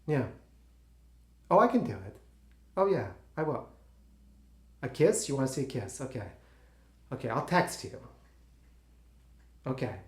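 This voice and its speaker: An actor playing an insecure, easily frustrated young stage actor in his twenties, who talks in halting, stammering bursts to partners the audience never hears. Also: mid-range voice, big pitch swings. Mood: scheming. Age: 20s. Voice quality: stammering, halting, full of restarts. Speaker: actor in a one-man play. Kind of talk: solo stage monologue, talking to unseen partners. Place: theatre stage. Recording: roomy theatre sound.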